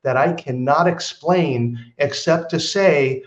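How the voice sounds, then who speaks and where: A man's voice: a little high, takes it slowly. A middle-aged man hosting a podcast, telling personal stories in a chatty, earnest way with rambling asides. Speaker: podcast host. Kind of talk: casual storytelling monologue. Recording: roomy, slightly dull recording.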